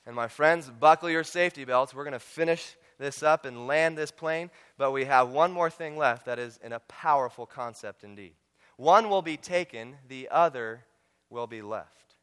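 A man's voice: mid-range voice, normal speed, fairly bright tone, clear, resonant tone. A man preaching a sermon through a Bible study guide, emphatic, repeating words and calling out to his congregation. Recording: long reverb of a large hall.

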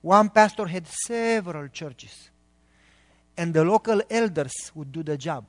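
A man from Romania with a Romanian accent, preaching a sermon earnestly and speeding up when excited. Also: a little high. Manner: earnest, talks quickly when excited, pauses between phrases. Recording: long reverb of a large hall.

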